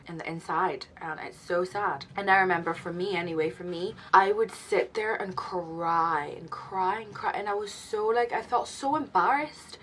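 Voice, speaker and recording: A young adult woman vlogging a confessional story as a new mother, emotional and halting, with many restarts. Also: on the low side, fairly bright tone, a little hiss or hum, poor audio.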